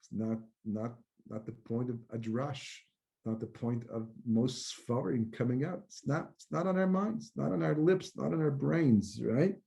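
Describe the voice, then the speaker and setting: A man's voice: medium pitch, a little slow, gravelly, mellow. A man, a rabbi giving a Torah lecture in a conversational way, often repeating words and mixing in Hebrew terms. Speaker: rabbi and teacher.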